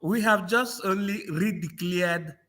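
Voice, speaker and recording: A man's voice: high-pitched, slow, bright, forceful tone. A man from Nigeria in a political discussion, mocking and repeating phrases, laughing often. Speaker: panel guest.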